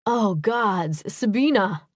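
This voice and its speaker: A woman voicing a wounded young man who speaks softly and gently to his lover. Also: mid-range voice, expressive, slow, no room sound, clean studio sound. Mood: tender.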